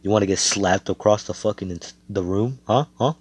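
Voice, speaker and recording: A man voicing a cocky young male fighter who talks loud, profane and taunting. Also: fairly low pitch, normal speed, breathy edge.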